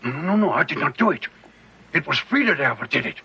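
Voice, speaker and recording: A feeble old professor. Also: male voice, fairly high pitch, sing-song, fast talker, dull audio, heavy background noise. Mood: defensive. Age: older. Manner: accented, whining denials. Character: feeble old male professor, exposed war criminal. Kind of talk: 1980s TV comedy acting.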